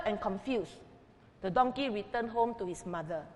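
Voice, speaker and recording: A woman pastor preaching an emphatic sermon, swinging between loud declarations and quiet asides. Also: medium pitch, normal speed, big-room sound. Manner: emphatic, with big swings in loudness.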